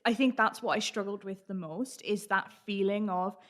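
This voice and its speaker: Woman from austria, accent hard to place, animated podcast guest, mid pitch. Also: normal speed. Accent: British English blended, hard to place. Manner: animated, laughs often. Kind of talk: casual interview chat.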